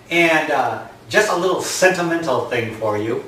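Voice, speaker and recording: A gardening vlogger with a fairly high, bright, forceful voice chats and jokes straight to his viewers from indoors at home. He speaks at normal speed with lively intonation, and the mic is far off in an echoey room.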